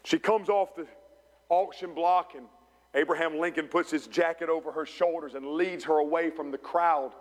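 A man preaching a sermon as pastor in a church, building to passionate peaks and dropping to hushed storytelling. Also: a little high, steady tone, normal speed. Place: church sanctuary. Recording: long church reverb.

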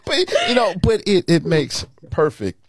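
A man's voice: a little high, very animated, measured pace, dry recording, clean studio sound. A man, a pastor hosting an interview, folksy and laughing along with his guest. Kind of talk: casual interview.

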